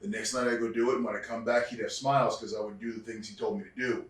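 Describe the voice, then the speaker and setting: A man who used to wrestle, interviewed as a guest, telling animated stories about his career and acting out other people's voices. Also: lowish voice, fast. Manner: animated storyteller, acts out quoted voices. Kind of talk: casual storytelling interview. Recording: roomy sound from a distant mic.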